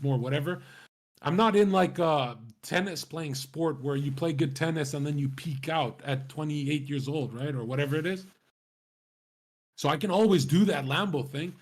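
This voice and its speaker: Husky-voiced young man, brash slang-heavy ramble. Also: a little high. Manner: swaggering, profane, slangy. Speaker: streamer. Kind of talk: casual rambling chat.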